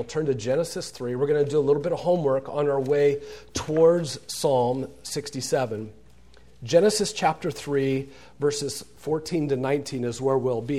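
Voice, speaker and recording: A man's voice: a little high, dark tone. A man preaching a sermon, reading scripture aloud with earnest emphasis. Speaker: pastor.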